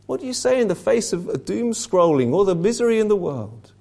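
A male preacher delivers an earnest sermon, with his pitch rising and falling in lively swings. His voice sits a little high for a man but has a warm, mellow tone. He presses each point home with emphasis. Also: a little fast, vocal fry, hardly any pauses. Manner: earnest, emphatic, reads questions aloud to the congregation.

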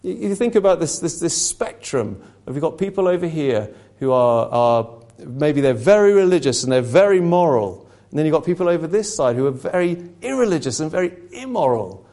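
A man's voice: fairly high pitch, very animated, fairly quick, few pauses, mellow. A man preaching a sermon, impassioned and rhetorical, slipping into mocking asides.

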